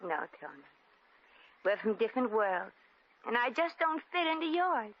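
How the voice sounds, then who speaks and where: An actress playing a brash, slangy American shop girl in a 1950s radio drama, quick with wisecracks. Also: on the high side, sing-song. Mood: wry. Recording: dull old radio recording.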